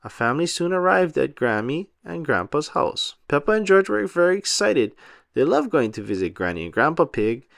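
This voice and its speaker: A man reading a children's picture book aloud with an animated, sing-song delivery. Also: on the high side, normal speed, gravelly, no echo, clean studio sound. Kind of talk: read-aloud storytelling for children.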